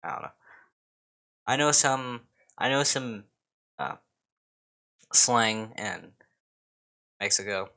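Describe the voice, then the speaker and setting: A man's voice: lowish voice, lively intonation, slow, pauses often, pushed and bright. A man from the United States rambling casually to camera as a YouTuber, swearing often and poking fun at himself. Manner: rambling, swearing and self-mocking. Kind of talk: casual vlog chat.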